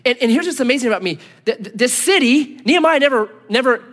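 Male pastor preaching, high voice, swooping pitch, long hall reverb. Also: fast. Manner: animated storytelling, drops to quiet earnest tones. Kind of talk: sermon.

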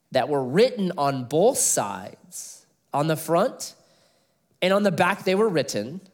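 Lively, animated male preacher. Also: a little high. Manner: animated storytelling, laughs at own jokes. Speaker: pastor. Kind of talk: expository sermon.

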